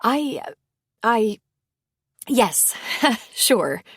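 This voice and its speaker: A woman's voice: medium pitch, lively intonation, measured pace, no room sound, clean studio sound. A woman reading the lines of a nervous, hesitant middle-aged woman who stammers, in an audiobook.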